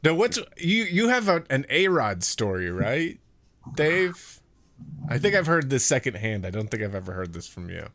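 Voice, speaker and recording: A man in a casual comedy chat, enthusiastic and halting, laughing as he recalls old stories. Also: mid-range voice, very animated, a bit bright.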